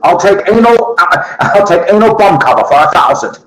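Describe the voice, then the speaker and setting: A high, lively man's voice drags through a crude comedy rant, bursting into loud laughter. He is recorded in an echoey room with heavy noise behind him. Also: moderate pace. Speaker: show host.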